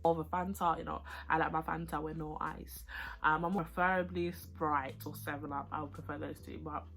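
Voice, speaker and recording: A young woman vlogger from the United Kingdom chats casually while eating, reviewing both food and a film in a mukbang-style video. She's chatty, excitable, and slangy, with a low, creaky, fairly quick voice over soft background music.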